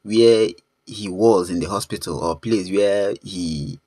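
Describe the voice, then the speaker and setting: Husky low-voiced Nigerian man. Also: slow pace, dark tone, no room sound. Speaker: vlogger commentator. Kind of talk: casual commentary.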